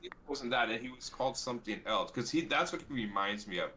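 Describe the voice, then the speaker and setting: A man's voice: mid-range voice, fast talker, sharp tone. A man in casual chat, rambling through recollections like a storyteller.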